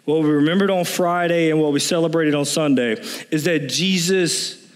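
Guy with a pretty high voice preaching a sermon, gets emphatic and repeats himself to hammer it home. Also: normal speed. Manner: emphatic, building to animated repetition. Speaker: pastor.

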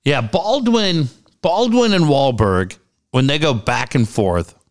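A man's voice: medium pitch, lively intonation, slow pace. A man co-hosting a podcast, joking crudely and acting out quotes in casual chat. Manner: profane, joking, acts out quotes. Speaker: podcast co-host.

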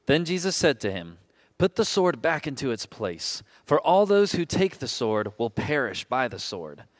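A man reading scripture aloud in a slow, solemn group reading. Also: medium pitch, very animated. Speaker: scripture reader.

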